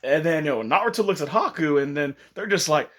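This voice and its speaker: A man's voice: fairly high pitch, lively intonation, fairly quick, a bit bright. A man casually telling a fan-fiction story, chatty, often laughing and coughing. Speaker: YouTube storyteller.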